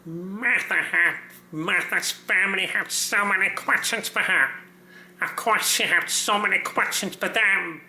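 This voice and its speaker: A chirpy, childlike sock puppet reads a storybook in a slow, sing-song lilt, as a man puts it on. The tone is bright and edgy with a gravelly catch, and the echoey room at home rings around it. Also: high voice, exaggerated voice. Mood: playful. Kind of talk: reading a picture book aloud.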